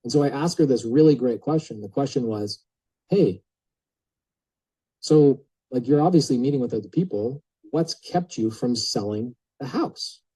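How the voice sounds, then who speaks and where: Husky-voiced man telling a lively story. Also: medium pitch, moderate pace, no echo, poor audio. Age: adult. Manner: lively, acts out quoted voices, casual filler words. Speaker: speaker telling a real estate story to a group. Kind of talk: animated storytelling talk.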